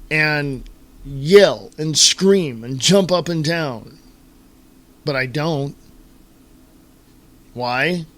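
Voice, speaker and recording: Exasperated talk radio man, fairly high voice. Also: a bit bright. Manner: exasperated ranting, addresses listeners as folks; halting with fillers and repeated starts. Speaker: radio show host. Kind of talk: solo talk radio rant.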